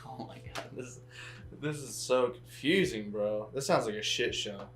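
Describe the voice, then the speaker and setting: A man's voice: mid-range voice, measured pace, a bit bright, a little hiss or hum. Laughing, easygoing man on a podcast. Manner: laughs often, easygoing, asks questions. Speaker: podcast co-host. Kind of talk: casual chat.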